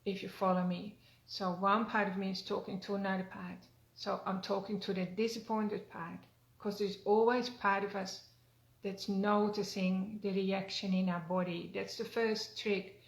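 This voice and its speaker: Older woman, gravelly, flat self-help talk. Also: mid-range voice, moderate pace. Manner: gentle, earnest, with frequent fillers and restarts. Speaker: wellness coach. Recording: roomy echo.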